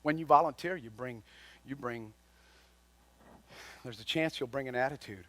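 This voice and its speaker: A man preaching a folksy, conversational sermon, swinging between loud and quiet. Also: mid-range voice, moderate pace, dry recording. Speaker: lay speaker at a chapel.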